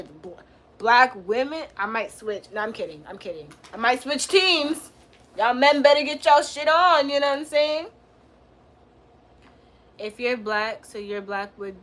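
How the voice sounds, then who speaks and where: A woman's voice: mid-range voice, a bit bright. A young woman livestreaming, chatting casually in slang, teasing and trash-talking her chat.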